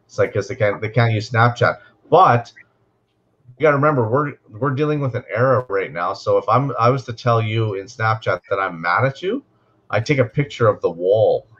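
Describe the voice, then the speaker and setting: A man's voice: on the low side, normal speed, a bit bright. A man in casual chat, explaining things loosely and laughing as he goes. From Canada. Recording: dull, lo-fi sound.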